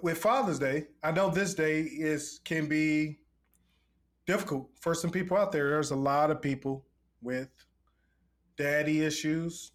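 A man co-hosting a podcast in casual chat, joking and upbeat with encouraging words. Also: fairly high pitch. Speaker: podcast co-host.

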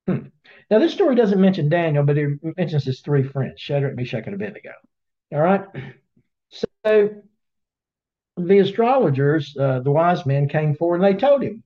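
A man retelling a Bible story in a casual webinar, as an animated storyteller who acts out the voices, on dull lo-fi audio. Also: a little high, brisk. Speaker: Bible study teacher.

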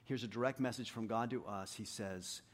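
A man preaching a sermon, telling stories in an animated, self-deprecating way and swinging between hushed and loud delivery. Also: medium pitch, quick pace, a little hiss or hum. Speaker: pastor. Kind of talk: sermon with storytelling.

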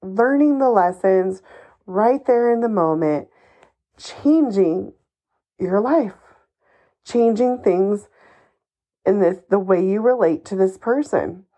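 Slow-talking, emphatic woman podcast host. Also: mid-range voice, animated, warm tone. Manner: emphatic, encouraging, a bit ranty, swears casually. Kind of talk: solo podcast advice monologue.

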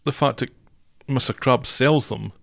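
A woman's voice: rumbling low, unhurried, creaky, no echo. A woman in casual chat, making dry, teasing asides as she listens to a story.

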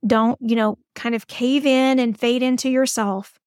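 Woman, podcast host, chatty and encouraging, higher voice, dry close sound. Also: fairly even intonation, a little slow, darkish tone, no room sound. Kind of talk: casual advice podcast.

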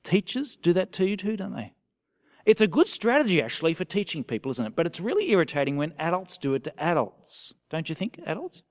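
A male minister preaching a sermon, asking the congregation questions and dropping to a soft voice at times. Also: high voice, brisk. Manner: animated, questioning the congregation with sudden soft drops.

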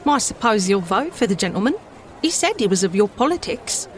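A woman's voice: medium pitch, big pitch swings, a little fast, natural voice. A practical, mild wife from a classic storybook who passes on news plainly. A woman reading aloud voices her without change.

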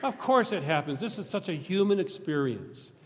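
A male pastor preaching a sermon in a large church, talking conversationally and joking with the congregation, sometimes breaking into shouts. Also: a little high, lively intonation, normal speed. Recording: long church reverb.

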